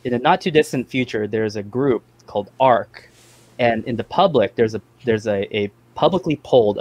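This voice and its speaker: A man co-hosting a livestream, enthusiastically pitching a comic series in a loose, joking manner. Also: no echo. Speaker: comics creator co-hosting a stream. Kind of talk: casual livestream chat.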